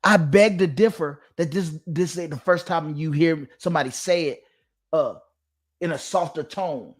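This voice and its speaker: A man's voice: fairly high pitch, moderate pace. A man giving a preachy direct-to-camera monologue, emphatic and repetitive, with a sermon-like cadence. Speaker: online commentator.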